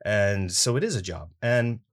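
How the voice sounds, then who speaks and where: In a lowish, animated voice at normal speed, a Canadian voice actor talks casually during an interview. His speech is full of fillers, and he laughs readily.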